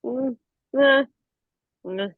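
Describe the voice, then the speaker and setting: A woman's voice: sits high, extremely slow, dry recording. A woman co-hosting a football chat, laid-back with short replies. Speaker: co-host. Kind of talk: casual chat. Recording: dull lo-fi audio.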